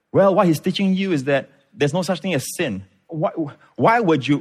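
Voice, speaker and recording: A middle-aged pastor preaches with emphasis. He repeats words as he builds a point and calls on his congregation for amens. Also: medium pitch. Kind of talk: sermon.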